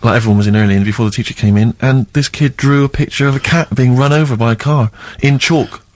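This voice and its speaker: A man's voice: mid-range voice, quick pace. A man co-hosting a radio show, reminiscing in casual chat with rambling, trailing sentences. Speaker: radio co-host.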